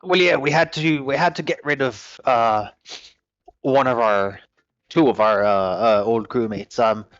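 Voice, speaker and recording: Brief: man as a friendly, rambling ship captain, mid-pitched, muffled call audio. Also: a bit bright, dry recording, close to an everyday voice. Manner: rambling, halting restarts. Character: male ship captain, friendly and recruiting crew. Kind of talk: tabletop role-play.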